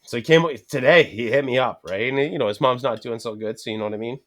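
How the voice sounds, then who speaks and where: A man's voice: mid-range voice, fast talker, a bit bright. A man telling rambling, profane anecdotes in casual chat, acting out both sides of each conversation.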